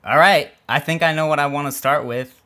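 A man's voice: on the high side, fairly even intonation, brisk, bright, forceful tone. A young man co-hosting a casual podcast, teasing and self-deprecating as he runs a game. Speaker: podcast co-host.

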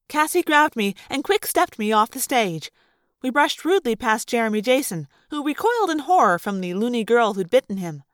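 A woman narrating a novel aloud in first person with expressive storytelling. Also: a little high, normal speed, dry recording, studio quality. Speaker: audiobook reader.

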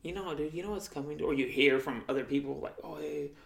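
A young man tells stories in casual chat, swearing freely, using slang, and animatedly acting out other people's voices. His gravelly voice is on the high side and quick, and the recording has a roomy echo.

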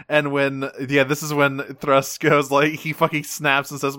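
A man's voice: a little high, monotone, a little slow, few pauses, bright, forceful tone, no room sound, studio quality. A man co-hosting a casual chat, laid-back and swearing a lot. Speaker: podcast co-host.

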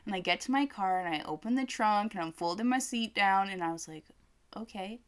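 A woman's voice: medium pitch, fairly quick, a crowd in the background. A woman co-hosting a casual chat, telling a story with lots of swearing and acted-out quotes. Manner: animated storyteller, swears freely, acts out quotes. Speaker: co-host.

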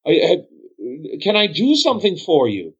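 A man's voice: high voice, wildly swooping pitch, moderate pace, slightly rough, pitched above the performer's own voice, heavily acted. A man voicing a nervous, eager-to-please tavern bartender who stammers, in a tabletop role-play game, recorded with dull lo-fi sound. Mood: fawning.

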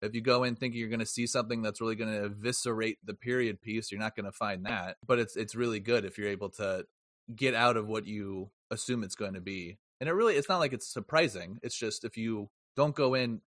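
A man co-hosting a podcast, giving relaxed, chatty opinions on a film. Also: fairly low pitch, a little fast, no echo, studio quality. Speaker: podcast co-host. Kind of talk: casual film review chat.

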